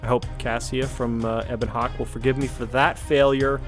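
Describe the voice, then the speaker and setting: A man's voice: medium pitch, level tone, faint music behind. Wry male podcast co-host recapping. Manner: wry, measured, slows for dramatic recaps. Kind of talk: casual chat and scripted recap.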